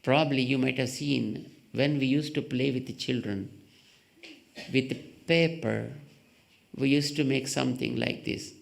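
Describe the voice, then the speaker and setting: A man teaching as a spiritual leader in a temple hall, explaining ideas through simple examples and rhetorical questions, and acting out quoted voices in a sudden high pitch. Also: steady tone, unhurried, vocal fry. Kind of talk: slow spiritual discourse.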